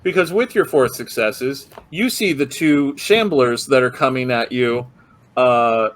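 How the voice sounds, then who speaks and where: A man narrating as game master of a tabletop role-playing game, pausing often with ums and restarts. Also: medium pitch, poor audio. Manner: hesitant, many ums and restarts.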